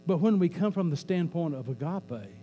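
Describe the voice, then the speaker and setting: Man, pastor, church sermon, conversational, repeats for emphasis, slightly high voice, faint hum. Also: animated, normal speed, highs cut off. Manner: conversational preaching with jokes, repeats phrases for emphasis. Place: church sanctuary.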